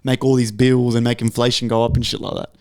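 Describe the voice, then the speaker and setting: A man co-hosting a podcast, chatting casually and retelling stories in a sweary, animated way. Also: medium pitch, fast. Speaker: podcast co-host.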